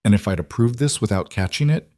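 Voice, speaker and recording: A man's voice: fairly low pitch, animated, fast, warm tone, no echo, studio quality, close to an everyday voice. A man voicing a curt, commanding CEO. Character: curt demanding male billionaire CEO.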